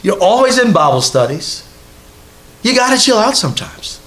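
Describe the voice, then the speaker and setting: Male preacher, high voice, conversational sermon delivery, congregation present. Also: big pitch swings, normal speed, fairly bright tone. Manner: conversational preaching with repeated rhetorical questions to the congregation. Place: church hall with a congregation.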